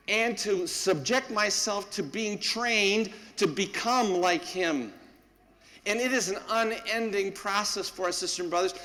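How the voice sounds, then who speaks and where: A man's voice: high voice, fairly bright tone, big-room sound. A man, a parish priest, giving a folksy, anecdotal homily full of fillers and asides. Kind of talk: conversational homily.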